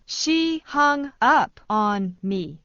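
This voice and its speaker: A woman reading English phrases slowly, repeating each one for learners. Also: fairly high pitch, smooth, no room sound. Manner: slow, even repetition of each phrase. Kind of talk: slow scripted phrase reading. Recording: dull dry studio sound.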